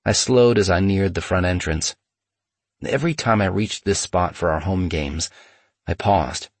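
Male memoir narrator, measured and steady, dry close read. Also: low-pitched, slightly rough, dry recording.

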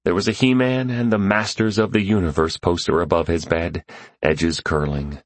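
A man reading a novel aloud as narrator, in measured, even storytelling. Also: low-pitched, no room sound. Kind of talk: scripted audiobook narration.

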